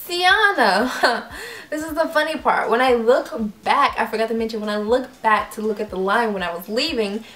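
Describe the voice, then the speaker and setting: A young woman vlogger telling a story in a casual, animated way, acting out voices and laughing often. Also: fairly high pitch, a little fast, reverberant. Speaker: YouTube vlogger.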